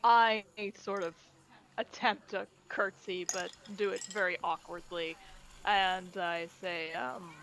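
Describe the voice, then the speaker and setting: A woman playing a tabletop game in a slow, self-mocking way. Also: lowish voice, steady tone, a bit bright. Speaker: player.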